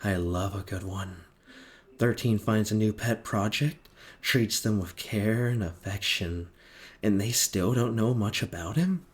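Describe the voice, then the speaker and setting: A man doing eerie entity voice, low, hushed, slow, sly. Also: natural voice.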